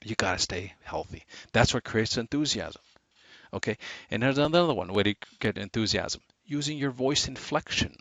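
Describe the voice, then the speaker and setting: A man giving a motivational sales training talk, animated, shifting his inflection and speed for emphasis. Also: mid-range voice, normal speed, no echo. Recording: dull lo-fi dry recording.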